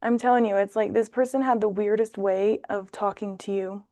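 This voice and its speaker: A woman talks through a tarot spread in a loose, chatty way, jumping into playful little voices as she goes. Her pitch sits in the middle for a woman. The sound is close and dry, with almost no room in it. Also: fairly even intonation, normal speed, dark tone, dry recording. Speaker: tarot reader. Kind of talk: casual tarot reading to camera.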